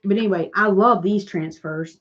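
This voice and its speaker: A woman's voice: medium pitch, moderate pace, lo-fi sound. A woman with a Southern American accent hosting a casual crafting livestream, rambling and answering viewers' comments as she goes. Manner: rambling, chatty, reads and answers live comments.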